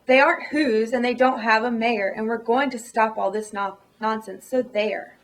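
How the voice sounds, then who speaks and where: A woman reading the part of rowdy male jungle monkeys, shouting and jeering. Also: extremely high pitch, fairly even intonation, normal speed.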